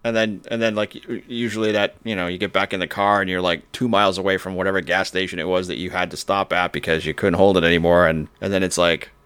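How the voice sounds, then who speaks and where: A man's voice: low voice, flat delivery, fast talker, few pauses, a bit bright, clear, resonant tone, no echo. A middle-aged man co-hosting a casual podcast, rambling earnestly and slipping into silly mock voices for jokes. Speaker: podcast co-host. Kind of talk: casual chat.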